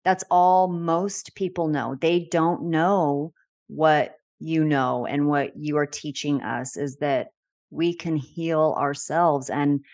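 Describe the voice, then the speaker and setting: A woman's voice: low-pitched, steady tone, slow pace, darkish tone, dry recording, studio quality. A woman hosting an interview, offering short supportive remarks and affirmations. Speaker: podcast host. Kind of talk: interview chat.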